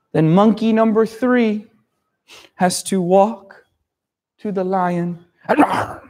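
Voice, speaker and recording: A man's voice: sits high, takes it slowly, pauses often, darkish tone. A man telling a simple story to young learners, repeating words, spelling them out and checking understanding with "okay?".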